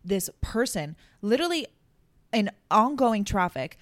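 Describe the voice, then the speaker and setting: A woman's voice: medium pitch, very animated, a little slow, no room sound, studio quality. A young woman co-hosting a casual podcast, chatty and emotional, with lots of fillers. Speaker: podcast co-host. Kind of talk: casual chat.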